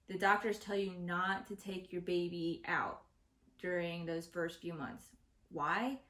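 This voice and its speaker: A woman rants exasperated to her audience, swearing freely in a casual opinion vlog. Her voice sits at an ordinary middle pitch. It carries an echoey room sound from a home recording. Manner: profane, exasperated ranting. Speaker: vlogger host. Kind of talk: casual opinion rant to camera. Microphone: home recording setup.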